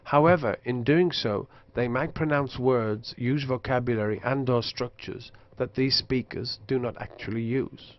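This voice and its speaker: A man narrating a linguistics lesson in a measured, scripted way, slowing down to demonstrate pronunciations. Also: medium pitch, highs cut off. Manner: slow careful demonstrations of pronunciation. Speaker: lecturer.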